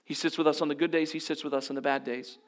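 A man's voice: fairly high pitch, steady tone, fast talker. A man preaching a sermon as a pastor, speaking earnestly with repeated rhythmic phrases at a church service. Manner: earnest, repetitive preaching cadence. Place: church service, also streamed online.

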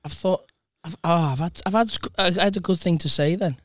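Rambling, higher-voiced man. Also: brisk, a little hiss or hum. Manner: rambling, loses his thread. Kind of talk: casual chat.

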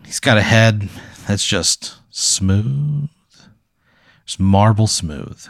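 Low-voiced man spinning a hypothetical. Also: animated, very slow, creaky, no room sound, studio quality. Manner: casual, rambling, many "like" fillers. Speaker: host narrating a hypothetical. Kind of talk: improvised second-person storytelling.

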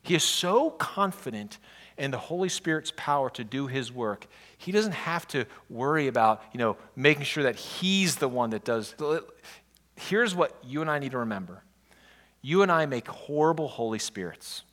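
A man's voice: mid-range voice, normal speed. A man pastor preaching a sermon in a conversational, storytelling way. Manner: conversational preaching with animated, exasperated retellings.

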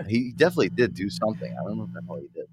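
A man's voice: on the low side, big pitch swings, racing. A man hosting a live call-in talk show, joking loosely with guests, laughing often and swearing freely. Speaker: host. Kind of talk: casual live call-in chat.

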